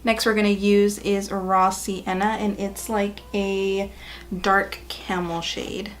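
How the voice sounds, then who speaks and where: A woman's voice: medium pitch, little pitch movement, slow pace, slight background noise. A woman beauty vlogger talking viewers through a makeup tutorial in a chatty, upbeat way. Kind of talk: casual makeup tutorial narration.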